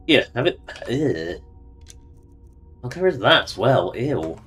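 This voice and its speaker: A man's voice: medium pitch, big pitch swings, a little slow, long pauses, fairly bright tone, husky, faint music behind. A man giving casual, joking commentary while livestreaming a game and talking to its characters. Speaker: streamer.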